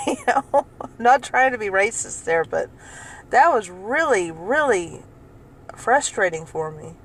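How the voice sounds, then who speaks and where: A woman's voice: mid-range voice, poor audio. A woman vlogger talking casually to camera about her own experiences, rambling, restarting often and laughing. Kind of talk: casual personal talk to camera.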